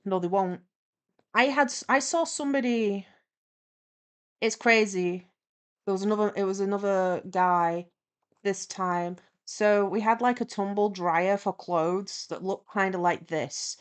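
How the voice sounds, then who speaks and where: A woman's voice: mid-range voice, unhurried, clean tone. Chatty woman telling a story. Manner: chatty, animated retelling with lively quoted dialogue. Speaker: streamer. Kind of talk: casual storytelling while animating.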